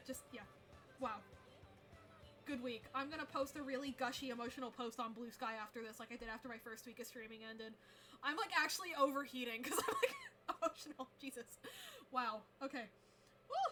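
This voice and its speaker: A young woman hosting a live art stream, her voice high and bright as she chats casually. She gushes and giggles easily, swearing now and then. Music plays faintly behind her. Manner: excitable, gushing, laughs often, swears casually. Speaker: VTuber streamer and rigging artist.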